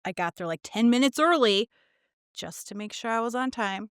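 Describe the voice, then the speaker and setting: A woman's voice: medium pitch, moderate pace, a bit bright, dry recording, clean studio sound. A middle-aged woman co-hosting a podcast, telling a story in casual chat and acting out the quotes with swearing. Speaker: podcast co-host.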